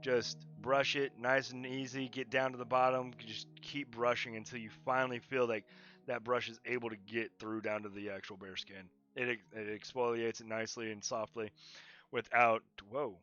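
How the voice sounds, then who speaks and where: A man's voice: medium pitch, little pitch movement, moderate pace, fairly bright tone, highs cut off. A man chatting casually and rambling while drawing on a livestream, laughing often. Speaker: livestreaming digital artist.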